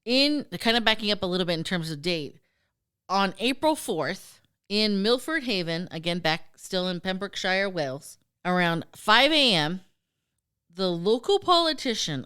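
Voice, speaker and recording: A woman's voice: mid-range voice, normal speed, clear, resonant tone. A woman co-hosting a podcast, telling a story in casual, profane chat and acting out the voices in it. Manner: animated, profane, acts out quoted voices. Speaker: podcast co-host.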